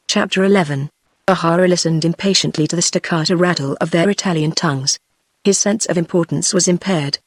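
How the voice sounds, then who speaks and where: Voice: mid-range voice, a little fast, no echo. Text-to-speech audiobook narrator, dry. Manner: even, flat machine delivery. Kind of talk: scripted narration.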